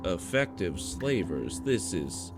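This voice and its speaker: Slow, questioning male player. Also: low-pitched, big pitch swings, over loud music. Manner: questioning, reasoning aloud. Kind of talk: in-character tabletop play.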